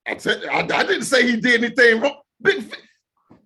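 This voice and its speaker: A man co-hosting a sports podcast in casual, animated talk over a remote call, acting out mocking quotes. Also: very high-pitched, moderate pace, breathy edge. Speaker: podcast co-host.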